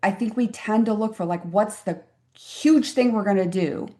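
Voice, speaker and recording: A woman's voice: medium pitch, moderate pace, mellow. A woman in her fifties speaks as a podcast guest in a mid-range voice. She tells stories earnestly and reflectively. She leans on key words for emphasis. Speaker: physician guest. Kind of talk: conversational interview storytelling.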